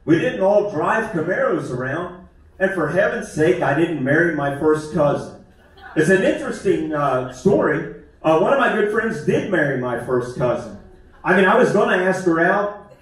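A West Virginian man in his 50s performs a self-deprecating, conversational stand-up set on a theater stage. His voice is on the high side and animated, at a moderate pace, and it's captured from far off in an echoey theater.

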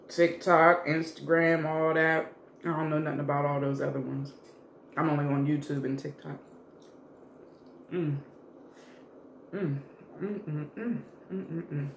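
A woman's voice: low-pitched, gravelly. A middle-aged woman in a casual eating vlog, chatting to viewers while she eats. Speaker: food vlogger. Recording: echoey room with faint background noise.

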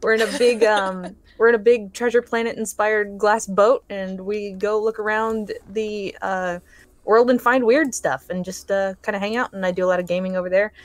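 A woman's voice: mid-range voice, steady tone, moderate pace. A woman guest on a casual livestream, chatting with giggles about her own projects. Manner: chatty, giggly, earnest self-promotion. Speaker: stream guest.

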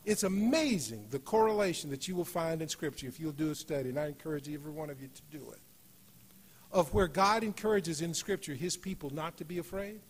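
A man preaching a sermon in a church, slowing on key phrases and rising to loud, emphatic peaks. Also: a little high, husky. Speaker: guest preacher. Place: church sanctuary.

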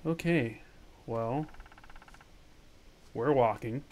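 A man hosting a let's play gaming video, casually chatting and scolding the game out loud, swinging between shouts and mutters. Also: mid-range voice, extremely slow, a little hiss or hum. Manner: animated, yelling at the game, then muttering. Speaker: gaming channel host.

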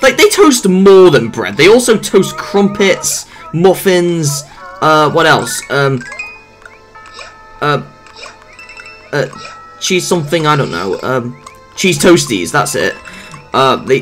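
A young man talks through a platform game in loose, rambling commentary. His pitch swings widely from low mutters to high yelps, and he peppers everything with swearing and silly asides. Quiet game music plays behind him. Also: sing-song, takes it slowly. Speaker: gameplay commentator. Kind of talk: casual let's play commentary.

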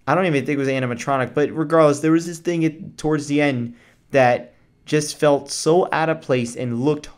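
Guy doing a loose, chatty video review; mid-pitched, trips over his words and laughs along. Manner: rambling, self-correcting, chuckles often. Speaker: movie reviewer.

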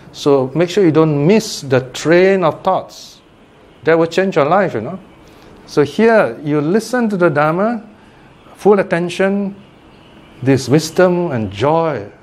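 An older man teaching a Buddhist class in a relaxed, conversational way, often checking in with listeners by asking "okay?" and "right?" and chuckling now and then. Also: fairly high pitch. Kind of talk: informal Dhamma class talk.

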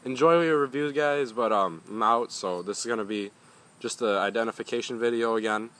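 A man's voice: mid-range voice, brisk, a bit bright. A young man reviewing a hot pepper in a casual vlog, rambling and swearing often as he grumbles.

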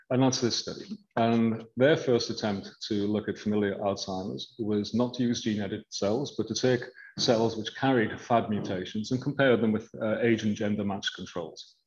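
A man lecturing on research, walking the audience through slides in a measured, hedging way. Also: fairly low pitch, muffled recording, a little hiss or hum. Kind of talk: academic lecture.

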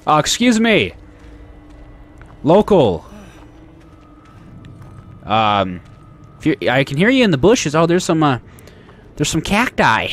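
Animated man chatting through a horror game. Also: medium pitch. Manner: chatty, talks to the game characters. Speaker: gaming channel host. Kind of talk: let's play commentary.

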